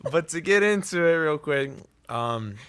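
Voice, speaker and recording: A man with a slightly high, bright, ringing voice tells stories on a casual podcast. He swears freely, laughs through his own punchlines, and gets louder and higher as the story builds. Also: expressive, a little slow, clear, resonant tone, no room sound. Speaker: podcast co-host.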